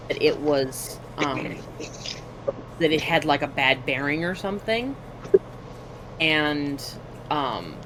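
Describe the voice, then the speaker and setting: A woman's voice: sits low, noisy background. A woman streaming as she draws, telling stories in a casual chat and acting out other people's voices. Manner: animated storyteller, acts out voices, swears casually. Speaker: art streamer.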